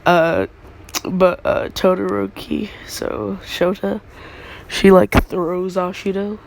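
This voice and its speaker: A man with a high, gravelly voice rambles through a casual fan story full of slang and filler words. He speaks slowly, and his pitch swings widely. A faint hum sits behind him. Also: fairly even intonation, low-quality recording.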